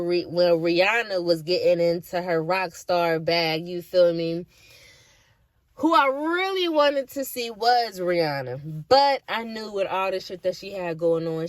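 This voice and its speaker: A woman's voice: medium pitch, no echo. Candid, profane woman in casual chat. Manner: candid and profane, lots of slang and asides. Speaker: vlogger reacting to an awards show.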